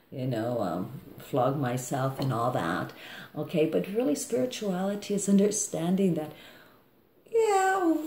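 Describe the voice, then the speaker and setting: A woman's voice: mid-range voice, vocal fry, warm tone, a little hiss or hum. A woman astrologer and life coach giving a casual forecast. She rambles and keeps checking in with her listeners by asking "okay?". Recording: echoey room.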